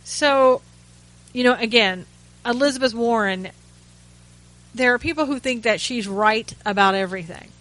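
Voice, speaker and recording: A woman's voice: a little high, normal speed, pauses often, fairly bright tone, poor audio. A woman hosting a talk radio show, giving chatty, sarcastic commentary with frequent asides and restarts. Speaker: radio host.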